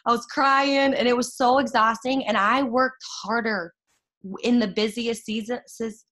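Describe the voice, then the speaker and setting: Chatty, excitable young woman with a higher voice. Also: a little slow. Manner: excitable, chatty, full of fillers and laughter. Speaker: network marketer sharing her success story. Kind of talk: casual motivational talk to followers.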